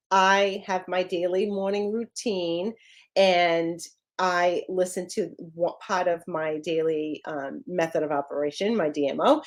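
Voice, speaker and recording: Energetic woman business coach. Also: medium pitch. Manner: energetic, emphatic, casual with mild swearing. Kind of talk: motivational coaching talk.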